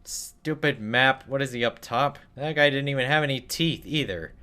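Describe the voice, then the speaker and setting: A man's voice: mid-range voice, moderate pace, pushed and bright, smooth. A young man streaming a game, giving casual commentary full of sarcastic jokes and muttered asides.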